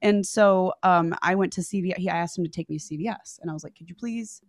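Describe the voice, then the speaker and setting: A woman's voice: lowish voice, quick pace, no room sound. Young woman swearing her way thru a chatty story, dry mic. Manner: profane, breezy, chatty. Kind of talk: casual podcast storytelling.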